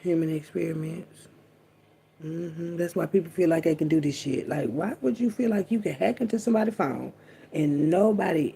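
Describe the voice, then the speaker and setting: A woman's voice: low voice, moderate pace, vocal fry, dark tone, husky. A woman vlogger talking straight to her audience in a casual, profane, rambling monologue, stretching words out for emphasis and throwing in frequent asides.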